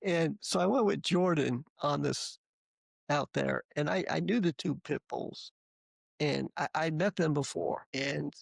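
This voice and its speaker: A man being interviewed, casually telling lively anecdotes with frequent restarts. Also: a little high, a little slow, vocal fry, husky, dry recording. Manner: animated, laughing anecdotes with acted quotes. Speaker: interview guest. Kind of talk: casual storytelling.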